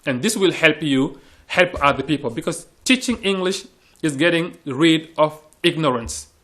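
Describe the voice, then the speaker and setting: A man's voice: a little high, animated, normal speed, a bit bright. Earnest man, English teacher. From Senegal. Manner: earnest, repeats words while searching for phrasing. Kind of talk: panel discussion.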